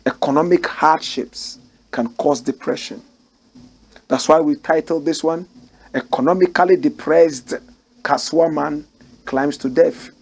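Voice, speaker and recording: A Ghanaian man commenting on the news in a lively, preacher-like way, and his voice sits a little higher than most men's. He leans hard on key words and repeats them for weight. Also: unhurried. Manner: animated, preacher-like, repeats phrases for emphasis. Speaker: commentary show host.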